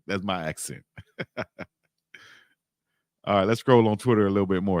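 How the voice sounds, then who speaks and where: Man, casual sports stream talk, animated, drawling, dry close-mic sound. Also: deep voice, unhurried, long pauses, dry recording. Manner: animated, chatty, drawls "baby", laughs often. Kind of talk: casual live-stream commentary.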